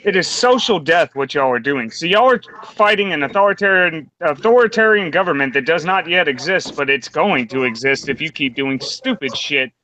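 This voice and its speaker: Guy ranting on a podcast, swears a ton, pretty high sharp voice. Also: animated, moderate pace, hardly any pauses, slight background noise, rough recording. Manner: blunt, heavy swearing, combative. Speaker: podcast round table host. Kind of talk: profane opinion rant.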